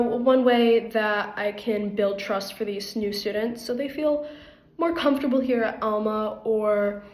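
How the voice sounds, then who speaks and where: A woman's voice: on the high side, darkish tone. Earnest young woman in an echoey room. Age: young adult. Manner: earnest, rambling with fillers. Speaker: applicant for first year guide. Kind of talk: recorded interview answers.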